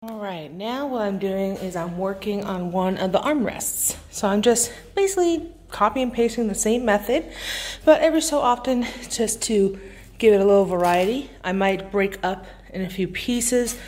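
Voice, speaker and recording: A woman narrating a prop build step by step in a relaxed, chatty way, as the channel's host. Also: mid-range voice, normal speed. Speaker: prop maker.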